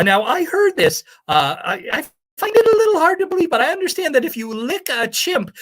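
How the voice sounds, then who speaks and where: A rambling, cheerfully misinformed self-proclaimed primatologist, played by a woman calls bingo numbers in a put-on accent that slides toward the American South. Her voice sits a little high and swoops all over the place as she drifts from one tangent to the next. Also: a bit bright. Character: scatterbrained self-proclaimed primatologist woman, sister of a famous chimp expert. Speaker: bingo caller. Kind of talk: comic live-stream character bit.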